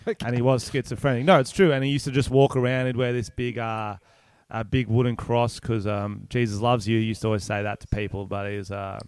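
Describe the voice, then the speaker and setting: Man, podcast host, laid-back storyteller, smooth clear voice, dry close sound. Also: mid-range voice, fairly even intonation, fast, a little mellow, no echo. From Australia. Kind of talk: casual chat.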